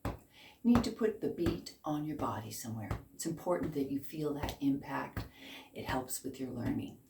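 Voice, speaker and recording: A woman's voice: very deep voice, very animated, moderate pace. A woman in her fifties teaching a beginner ukulele lesson, encouraging and counting along with her students. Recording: echoey room, faint noise.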